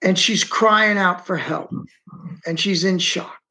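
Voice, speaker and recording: Slow, emphatic man telling his story. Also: sits high, fairly even intonation, bright, forceful tone. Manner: emphatic, re-enacts his own words and directs a map on screen. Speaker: interview guest, eyewitness. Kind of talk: dramatic first-person storytelling.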